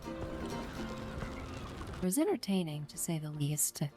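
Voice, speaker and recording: Woman streamer, sarcastic playful game commentary, lowish voice, loud game music behind. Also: sing-song, slow. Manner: sarcastic, playful, with whispered asides. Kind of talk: live gameplay commentary.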